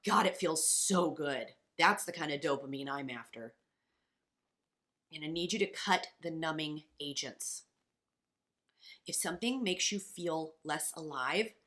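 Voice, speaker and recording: A woman with a fairly low-pitched, fairly bright voice co-hosts a casual motivational podcast as a coach, speaking passionately, bluntly and with plenty of profanity.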